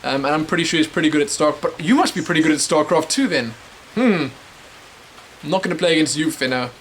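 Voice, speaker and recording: A man's voice: fairly high pitch, quick pace, fairly bright tone, a little hiss or hum. A young man from South Africa hosting a casual webcam show, answering viewer questions in a rambling, chatty way full of fillers and restarts. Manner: rambling, chatty, many fillers and self-corrections.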